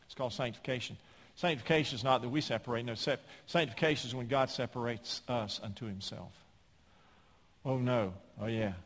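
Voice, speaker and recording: A man preaching a sermon in a church, emphatic, with folksy humor and loud peaks on key words. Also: mid-range voice, fairly quick. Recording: long hall reverb.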